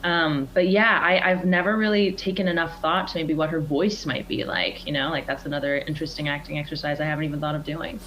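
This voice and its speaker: Young woman with a low voice, earnest guest. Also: fairly even intonation, fast, hardly any pauses, a bit bright, low-quality recording. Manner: thoughtful, earnest, laughs easily. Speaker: actress guest. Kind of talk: interview conversation.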